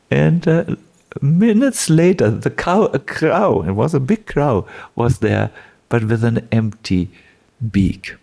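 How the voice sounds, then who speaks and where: Unhurried male spiritual teacher, gravelly voice, lively pitch, chuckles through his devotional stories. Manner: unhurried, chuckling, many fillers. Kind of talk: devotional storytelling lecture.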